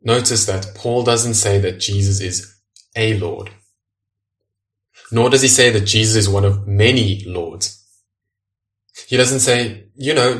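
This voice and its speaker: A man preaching an earnest, measured sermon as pastor, slowing down to stress key phrases. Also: fairly low pitch, a bit bright, recorded from a distance.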